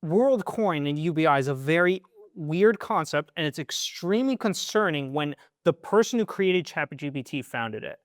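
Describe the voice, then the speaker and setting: A man's voice: a little high, lively intonation, moderate pace, dry recording, studio quality. A young man co-hosting a podcast in casual chat, musing aloud and posing questions with "right?" tags. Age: young adult. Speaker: podcast co-host.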